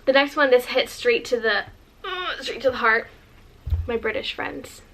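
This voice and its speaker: A woman's voice: fairly high pitch, expressive, unhurried, pushed and bright, slight background noise. Bubbly young woman vlogging. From Northern California, USA. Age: 20s. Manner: gushing, bubbly, rambling with many likes. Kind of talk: casual chatty vlog.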